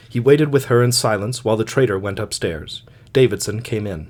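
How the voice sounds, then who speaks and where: A man narrating a classic short story in a measured, dramatic way. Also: lowish voice, a little mellow. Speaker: audiobook reader.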